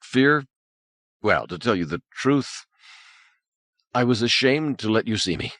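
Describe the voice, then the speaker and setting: A man voicing a shy, timid young boy in a storybook, speaking softly and hesitantly with stammers. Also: mid-range voice, animated, a little slow, no room sound, studio quality.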